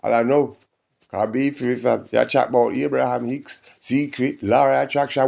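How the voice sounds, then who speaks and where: Gravelly man, rambling spiritual talk. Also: mid-range voice, unhurried. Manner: animated, laughs often, preachy. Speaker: vlogger.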